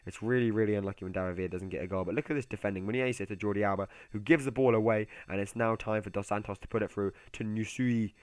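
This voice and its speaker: A young man giving casual, chatty commentary over a football video game, excitable and given to muttered asides. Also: on the low side, quick pace, hardly any pauses, dry recording. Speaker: gaming YouTuber.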